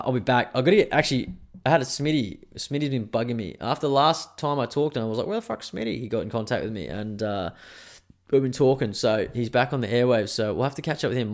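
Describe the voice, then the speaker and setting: A man with an Australian accent hosting a solo podcast, ranting angrily and swearing as he rambles. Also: mid-range voice. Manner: angry, profane, rambling. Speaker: podcast host.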